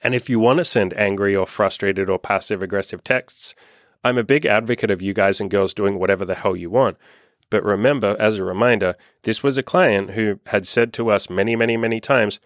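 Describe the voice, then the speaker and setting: A man's voice: fairly low pitch, brisk, no room sound, studio quality. A young man coaching on dating, talking candidly and casually, acting out quoted texts and swearing freely. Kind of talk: casual monologue to camera.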